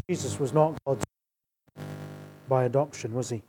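A middle-aged man preaching a sermon, rising to emphatic bursts and dropping to quiet asides. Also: medium pitch, normal speed, pauses often, slight background noise.

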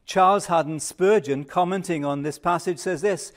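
Preaching in a high voice, an older man keeps his sermon measured and emphatic, letting it fall to a hush whenever he pauses to reflect.

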